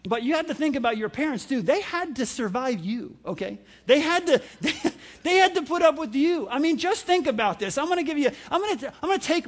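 A middle-aged man, a pastor, telling a humorous sermon story with laughter and mimicked voices. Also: extremely high pitch.

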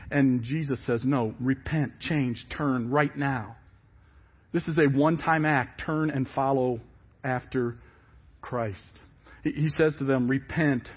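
A man preaching a sermon, emphatic and falling quiet at the ends of phrases. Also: a little high, a little slow, slightly rough. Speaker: pastor. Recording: dull lo-fi church service audio.

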